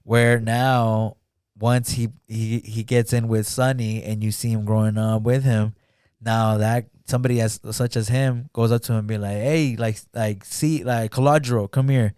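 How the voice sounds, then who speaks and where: A man's voice: lowish voice, steady tone, a little slow, darkish tone, smooth, dry recording, clean studio sound. A man in a casual podcast chat retelling a film plot, rambling with lots of "like" and acting out the characters' lines. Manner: rambling, heavy use of "like", acts out quotes. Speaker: podcast guest.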